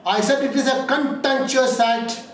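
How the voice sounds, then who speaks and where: A man's voice: extremely high pitch, steady tone, normal speed. Emphatic man in an echoey room. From India. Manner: emphatic, repetitive, rhetorical questions. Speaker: lawyer interviewee. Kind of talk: emphatic interview answers. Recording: echoey room from far off, faint noise.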